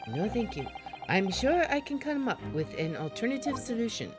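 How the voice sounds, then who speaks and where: A woman voicing a polite, measured male professor who assists a detective. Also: on the high side, sing-song, over music.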